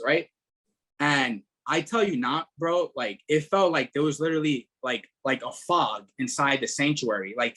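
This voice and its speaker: A middle-aged man, a podcast guest telling his story in a casual, animated way, repeating words and leaning on fillers. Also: on the high side, slightly rough. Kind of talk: casual testimony.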